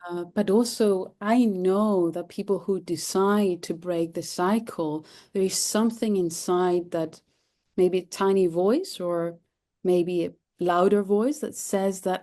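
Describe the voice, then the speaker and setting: A woman's voice: fairly low pitch, fairly even intonation, slow, dark tone. A woman therapist from Cyprus as an interview guest, speaking thoughtfully with many fillers and repeated phrases. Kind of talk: interview conversation.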